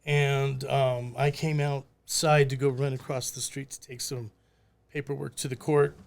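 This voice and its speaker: An older man, once a bail bondsman, tells stories on a casual podcast in a mid-range, creaky voice at a slightly slow pace. He's animated and acts out the voices of the people in his tales.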